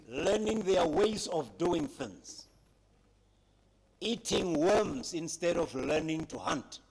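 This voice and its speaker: A man giving a public speech at a heritage conference, retelling a story dramatically with emphatic pauses and addressing young people. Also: fairly high pitch, darkish tone, breathy edge.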